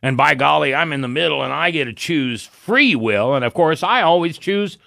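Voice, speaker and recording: Slightly high with some vocal fry, this man's voice moves at a moderate pace on a dry, clean studio recording. He hosts Christian talk radio in a folksy, animated way, thinking out loud and restarting often, while dealing with a cough.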